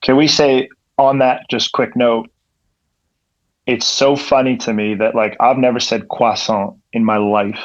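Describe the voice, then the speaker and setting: This podcast guest, a young Ontario man who works in coffee, speaks in an unhurried, mid-range voice with little pitch movement. The casual chat is full of swearing and "like," captured as a dry, dull lo-fi recording.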